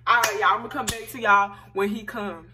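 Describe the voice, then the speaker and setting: A young woman hosting a casual vlog, talking to her viewers in an animated, slangy, teasing way. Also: medium pitch, a little fast, noisy background. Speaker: vlogger host. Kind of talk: casual chat to camera.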